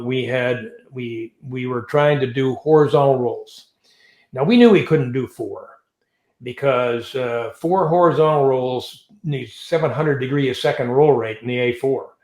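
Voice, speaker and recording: An older man tells his stories at an even pitch, with a roomy echo around his voice. He is an interview guest who recounts events with energy and acts out the voices and sounds as he goes. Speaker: interview guest, retired navy pilot. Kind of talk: storytelling in an interview.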